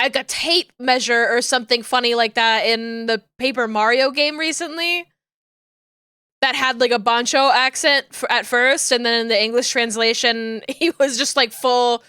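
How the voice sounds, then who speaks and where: A woman's voice: fairly high pitch, bright, forceful tone, clear, resonant tone, dry recording, clean studio sound. A woman streamer chatting casually with viewers, rambling along with lots of fillers and restarts.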